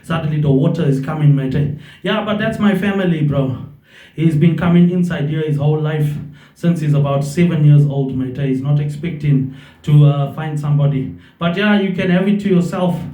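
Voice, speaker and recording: A man's voice: fairly high pitch, moderate pace, dark tone. A man rambling in a loose monologue, drifting between thoughts and tagging nearly every phrase with a casual "mate". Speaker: vlogger. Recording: distant roomy dull recording.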